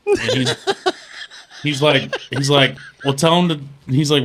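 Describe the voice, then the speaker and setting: A man's voice: medium pitch, moderate pace, a bit bright. A man co-hosting a podcast, telling stories in casual chat and swearing freely. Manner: swearing, storytelling, laughs often. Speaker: podcast co-host.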